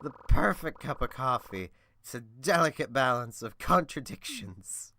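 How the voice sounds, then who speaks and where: A man slowly reading the lines of a calm café-owning pigeon. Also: medium pitch, heavily acted. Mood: measured.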